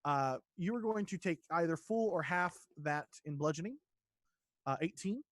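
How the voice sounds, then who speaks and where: A man narrating as dungeon master in a tabletop game, describing scenes haltingly with many fillers. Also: fairly high pitch, lively intonation, no echo, clean studio sound.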